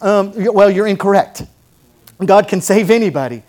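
A man's voice: high-pitched, lively intonation, moderate pace, a little mellow. A middle-aged man preaching a sermon, folksy and joking at times, building to fervent preaching. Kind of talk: sermon with object lesson.

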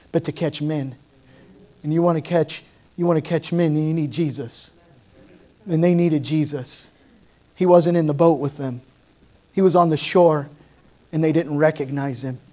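A man preaching a sermon, teaching through a Bible passage with emphatic swings between loud urging and quiet, low explanation. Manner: emphatic preaching with rising and falling intensity. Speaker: pastor.

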